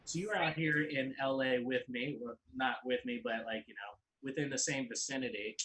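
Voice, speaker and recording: A man's voice: mid-range voice, fairly quick, a bit bright, a little hiss or hum, rough recording. A man hosting an online comedy show, rambling and often repeating his words. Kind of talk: casual hosting banter.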